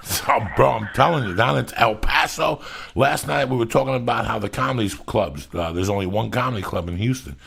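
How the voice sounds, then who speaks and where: A man's voice: medium pitch, fairly quick, hardly any pauses. A middle-aged man hosting a podcast, telling rambling, profane stories in a casual chat. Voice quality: gravelly, husky. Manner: loud, rambling storyteller, heavy swearing. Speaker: podcast host.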